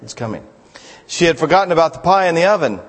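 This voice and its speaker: A man's voice: on the high side, sing-song, fast. A man preaching a sermon as a pastor, telling jokes to the congregation in a folksy storytelling manner. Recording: long hall reverb.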